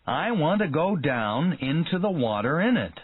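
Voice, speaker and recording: A man voicing an excitable man thrilled by a shark, speaking eagerly and often shouting. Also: fairly high pitch, measured pace, slightly rough, no echo, voice pushed up, exaggerated voice. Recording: tinny phone-like dry sound.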